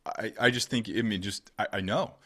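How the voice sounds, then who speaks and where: A man's voice: lowish voice, steady tone, brisk, noisy background. Rambling, casual male podcast host. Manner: rambling, full of restarts and sports analogies. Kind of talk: casual chat.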